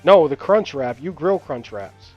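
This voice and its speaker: A man's voice: a little high, animated, a little slow. A young man chatting casually while gaming, rambling through stories with frequent laughs and casual swearing. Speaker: gamer and channel host. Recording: dull lo-fi voice chat with game music. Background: game music.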